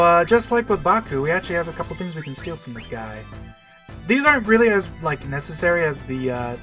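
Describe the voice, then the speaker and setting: A man's voice: a little high, fairly bright tone. A man giving casual, chatty gameplay commentary, explaining game mechanics and poking fun at himself. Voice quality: chatty, self-deprecating, explanatory. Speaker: let's play commentator.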